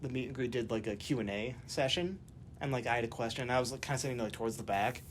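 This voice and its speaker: A man co-hosting a casual podcast, telling animated stories and acting out excited quotes. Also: mid-range voice, quick pace, slight background noise. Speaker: podcast host. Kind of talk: casual chat.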